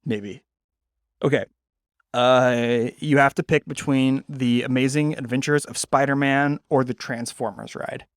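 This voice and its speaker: A man's voice: medium pitch, fairly even intonation, dry recording, studio quality. Joking young man co-hosting a podcast. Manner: joking, quick asides, laughs often. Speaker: podcast co-host. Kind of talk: casual chat.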